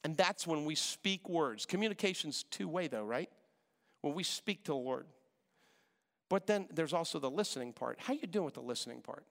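A man preaching a sermon as pastor, animated and repetitive, acting out voices when he quotes people. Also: fairly high pitch, normal speed, creaky. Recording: long hall reverb.

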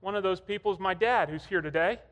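Brief: male preacher, conversational storyteller, higher pitch, long church reverb. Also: fast, fairly bright tone. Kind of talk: sermon.

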